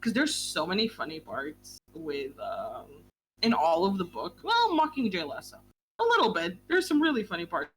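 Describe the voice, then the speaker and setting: Young woman, book club host, casual chat, lively swooping pitch, quick and gushing, faint hum behind. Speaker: streamer hosting a book club.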